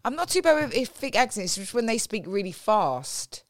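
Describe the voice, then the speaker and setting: A woman co-hosting a casual podcast chat in a relaxed, agreeable, slangy way. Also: mid-range voice, normal speed, no room sound. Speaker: podcast co-host.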